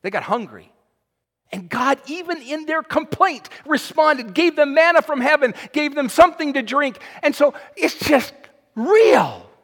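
A male pastor preaching a sermon with passion, swinging between loud cries and hushed, quiet passages. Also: very high-pitched, lively intonation, measured pace. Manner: impassioned, swings from shouting to hushed. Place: church sanctuary. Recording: long hall reverb.

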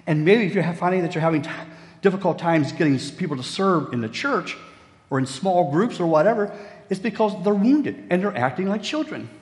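A man's voice: sits high, lively intonation, a little fast, big-room sound. A middle-aged man from Virginia, preaching a sermon in a folksy storytelling way with jokey asides. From West Virginia, USA. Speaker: pastor.

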